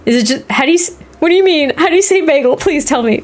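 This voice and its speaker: Thirties woman streamer, higher-pitched, giggly and rambling, casual talk over gameplay. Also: lively intonation, fast, background noise. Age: 30s. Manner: giggly, rambling, laughs often. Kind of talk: casual livestream chat while playing.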